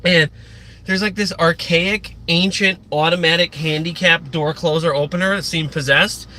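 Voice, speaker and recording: A man's voice: a little high, fairly even intonation, moderate pace, pushed and bright, poor audio. A young man chatting casually on a live stream, rambling and swearing with lots of fillers, a bit out of breath. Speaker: livestreamer. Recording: outdoor street noise behind.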